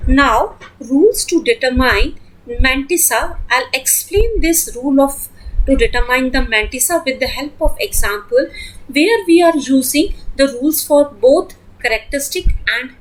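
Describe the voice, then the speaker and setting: A woman's voice: high-pitched, low-quality recording. A woman, teaching students patiently and repeating each step of the lesson. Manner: patient, repeats key steps, addresses students directly. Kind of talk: classroom lesson explaining a table step by step.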